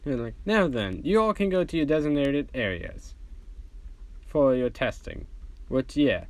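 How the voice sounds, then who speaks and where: A man's voice: medium pitch, big pitch swings, a little slow. A man casually telling a fan-fiction story, rambling and using lots of fillers.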